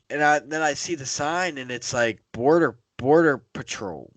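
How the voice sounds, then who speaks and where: A man's voice: a little high, normal speed, hardly any pauses, fairly bright tone, no room sound. A young man from the Pittsburgh area hosting a casual podcast, telling a rambling, profane road-trip story. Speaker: podcast host.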